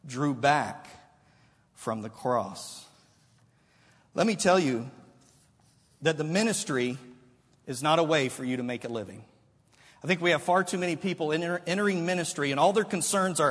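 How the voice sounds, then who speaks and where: A male preacher delivers an animated sermon with a high, husky voice. He moves between scripture readings and casual paraphrase. His voice rings out with the long reverb of a large hall.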